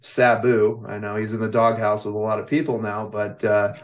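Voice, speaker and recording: A man's voice: on the low side, steady tone, normal speed. A man in his forties from the United States, a veteran wrestler telling rambling stories in an interview, with lots of "you know" and "like". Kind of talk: casual storytelling interview.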